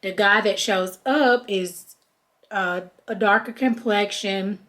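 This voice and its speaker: A woman's voice: medium pitch, takes it slowly. A woman with hosts a podcast, recapping a reality show in a loose, chatty way. She keeps slipping into the voices of the people she describes. Her voice sits in a middle range. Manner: chatty and animated, acts out quoted people. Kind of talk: casual recap chat.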